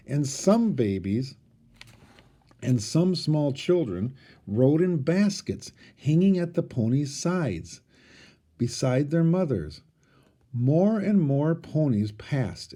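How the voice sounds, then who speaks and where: A man, a teacher, reading a storybook aloud with expressive storytelling. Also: mid-range voice.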